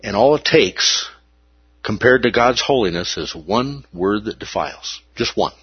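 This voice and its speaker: A man's voice: fairly low pitch, expressive, measured pace, breathy edge, dry recording, lo-fi sound. A man preaching a sermon, emphatic and repeating key words for weight.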